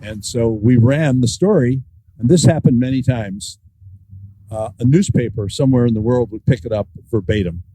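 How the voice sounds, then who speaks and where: A man, an author guest, telling wry anecdotes with dry humor in a relaxed storytelling style. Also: medium pitch, normal speed, dry recording, low-quality recording.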